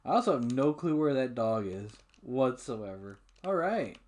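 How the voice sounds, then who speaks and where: Dude doing a chill let's play, mid pitch, rambly, curses a lot. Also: male voice, a little slow. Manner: relaxed, rambling, swears often, laughs at himself. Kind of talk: casual gameplay commentary.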